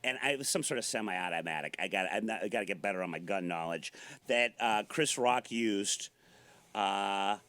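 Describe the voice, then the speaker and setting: A man's voice: fairly low pitch, fairly bright tone, no room sound. A man hosting a casual morning talk show in a studio, joking and rambling between questions. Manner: joking, rambling, quick asides. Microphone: studio mic.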